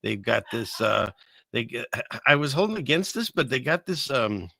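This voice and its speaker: An older man chats on his live stream in a gravelly voice with plenty of fry. His tone is sharp and bright, and the sound is close and dry. He rambles, pokes fun at himself and restarts his sentences often. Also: medium pitch, big pitch swings, moderate pace, no room sound. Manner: rambling, self-mocking, lots of fillers and restarts. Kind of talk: casual live stream chat. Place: small upstairs room above a fireplace.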